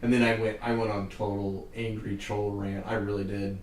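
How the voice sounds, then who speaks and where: A man's voice: lowish voice, flat delivery, moderate pace, a little mellow, far from the mic. A young man rants about movies in a casual podcast, cursing freely and laughing between complaints. He sits back from the mic, so his voice carries a roomy echo. A faint hiss sits under the talk. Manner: heated, profane ranting with laughs. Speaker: podcast host. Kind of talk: casual chat.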